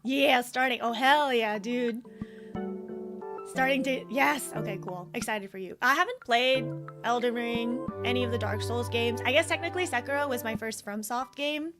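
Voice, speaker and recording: A woman's voice: fairly high pitch, moderate pace. A young woman streaming a video game, chatting with viewers, answering chat and laughing often. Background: loud game music.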